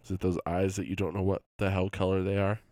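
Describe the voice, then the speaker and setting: A man's voice: sits low, level tone, fast talker, noisy background. A man co-hosting a casual comedy podcast, quizzing his friend with playful questions and laughing often. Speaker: podcast co-host asking quiz questions.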